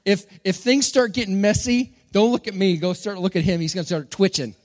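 A man's voice: sits high, steady tone, fairly quick, darkish tone. A middle-aged man from Texas, preaching a sermon to a congregation in a playful, joking manner. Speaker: pastor. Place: church hall. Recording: long hall reverb.

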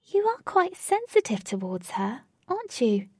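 A woman voicing a young flying female companion who calls out in high, breathless alarm. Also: very animated, normal speed, warm tone, breathy edge, dry recording, studio quality, exaggerated voice. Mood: fond.

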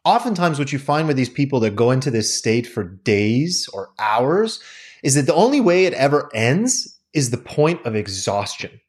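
A man talks straight into the mic like he is hosting his own show. His pitch swings widely as he explains ideas, frank and unpolished, and he drops the odd curse word. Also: normal speed. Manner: animated, candid, swears casually. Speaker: podcast host. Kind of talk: casual explanatory monologue.

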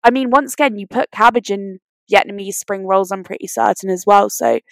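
A British woman co-hosts a podcast, chatting casually and enthusiastically and saying "you know" a lot. Her medium-pitched voice is gravelly and fairly quick, recorded with no echo.

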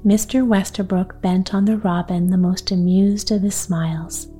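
A woman reading a gentle bedtime story aloud in a soft, unhurried way. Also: mid-range voice, fairly even intonation, faint music behind.

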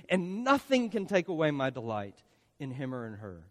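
A man with a somewhat high voice delivers a sermon in a relaxed, conversational way. He keeps checking in with his listeners by asking "right?" His voice carries a long reverb from a large hall. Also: normal speed. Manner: conversational, often tags lines with "right?". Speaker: pastor.

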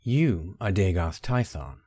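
Man voicing a soft, coaxing young woman. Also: low voice, big pitch swings, slow, dry recording, heavily acted. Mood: intent. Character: secretive, devoted young woman lover.

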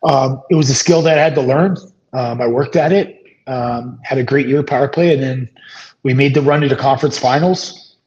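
A man's voice: mid-range voice, moderate pace. Rambling middle-aged man, dull lo-fi audio. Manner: rambling, relaxed, many fillers and restarts. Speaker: former professional hockey player, guest. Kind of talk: casual storytelling interview.

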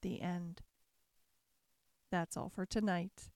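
A woman narrating a classic fairy tale as a calm, measured bedtime story. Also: on the low side, dry recording, clean studio sound.

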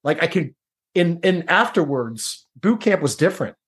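A middle-aged man with a slightly high voice tells a personal story in a relaxed, conversational way. He restarts his sentences and leans on "like" and "dude.". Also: normal speed, breathy edge. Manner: casual, repeats words, says "dude" and "like". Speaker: podcast guest. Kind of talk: storytelling interview.

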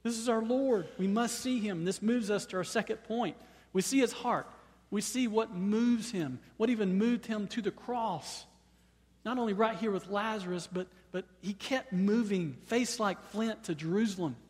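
Man preaching in an echoing hall. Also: moderate pace. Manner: preaching with surges to loud, high-pitched proclamation; repeats words when starting phrases. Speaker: pastor. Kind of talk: sermon.

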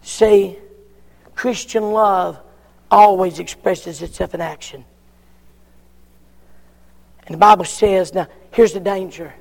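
Gravelly high-voiced preacher. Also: male voice, steady tone, slow pace, long pauses, long reverb tail. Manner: folksy, emphatic, swinging from loud cries to hushed tones. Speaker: pastor. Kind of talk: sermon.

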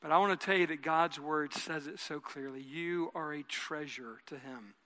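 A high-pitched, very bright male pastor preaching a conversational sermon in a church. He often repeats and restarts phrases and has the congregation say lines back with him. His voice carries a long hall reverb. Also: normal speed. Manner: repeats words and restarts phrases while building a point. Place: church sanctuary.

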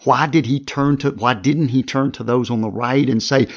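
A mid-pitched male podcast host teaching from the Bible. He works through each passage step by step and reads verses aloud with their chapter and verse. His delivery is conversational and explanatory. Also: fairly even intonation, normal speed, few pauses. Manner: reads scripture aloud with references.

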